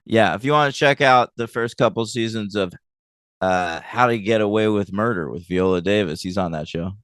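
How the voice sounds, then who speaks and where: A man co-hosting a podcast in relaxed casual chat, explaining things and laughing often. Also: lowish voice, normal speed, clear, resonant tone, no echo, studio quality. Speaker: podcast co-host.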